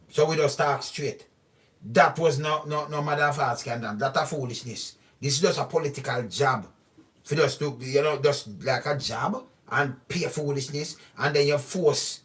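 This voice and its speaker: A man's voice: fairly high pitch, distant mic. A man with a Jamaican accent giving an emphatic, repetitive political commentary monologue, pressing his points with insistent questions.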